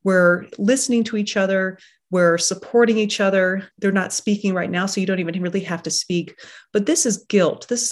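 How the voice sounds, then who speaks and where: A woman's voice: medium pitch, steady tone, moderate pace. A woman surgeon and coach presenting a webinar, talking through slides in a reflective, conversational way with many fillers.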